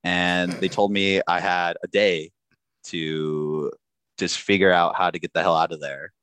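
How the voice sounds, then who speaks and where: A man with a low, deep voice tells a rambling travel story in a relaxed, chatty way. He is animated and laughs easily, and the sound is close and dry with no room in it. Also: measured pace, clear, resonant tone, no echo. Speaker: guest telling a travel story. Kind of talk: casual chat.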